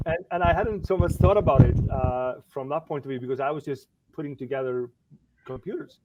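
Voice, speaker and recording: Middle-aged man from Iceland, podcast guest, halting delivery with restarts, moderate pitch, dull lo-fi sound. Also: heavy background noise. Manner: halting, many restarts and repeated words. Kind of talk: casual podcast chat.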